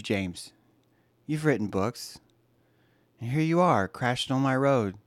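A man voicing an obsessive, creepy female superfan who speaks in a slow, teasing, menacing way. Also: mid-range voice, no echo.

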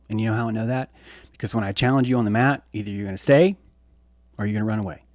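A man streaming a blunt, profane and preachy monologue that swings between loud outbursts and hushed asides. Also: fairly low pitch, brisk, pauses often, no room sound. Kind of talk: impassioned monologue.

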